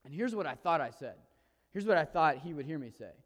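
A man telling a personal story to an audience in a conversational way, acting out the quoted dialogue with lively energy. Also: on the high side, brisk. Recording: long hall reverb.

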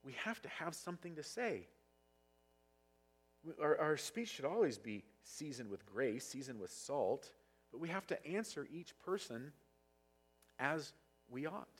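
A man preaching a sermon as pastor, passionate and sometimes loud, with a husky voice. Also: on the high side, sing-song, a little slow, pauses often. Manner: passionate, gets loud at times. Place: church sanctuary.

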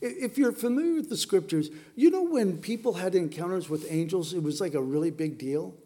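A man preaching to a congregation. His voice sits high for a man, and his delivery is animated and conversational, full of playful asides. He sounds middle-aged. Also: brisk. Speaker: pastor. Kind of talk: sermon.

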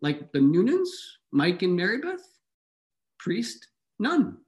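A man voicing his mother, a former nun, explaining things in a brisk, candid way. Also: sits high, wildly swooping pitch, darkish tone, dull audio, voice pushed up, full character voice.

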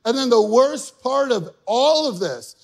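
A man's voice: very high-pitched, animated, a little slow, vocal fry. A man, a pastor in his younger adult years, preaching a sermon in a conversational, joking way and acting out people's inner thoughts.

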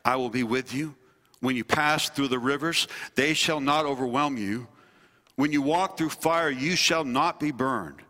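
A man, a pastor and former army chaplain, preaching a sermon with earnest delivery, slowing and dropping low on key phrases. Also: bright, forceful tone. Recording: long hall reverb.

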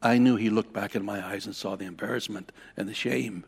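A man preaching a sermon, telling a personal story with strong emotion, dropping to a hush and rising to loud declarations. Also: mid-range voice, lively intonation, brisk, few pauses, husky, long reverb tail. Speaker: pastor.

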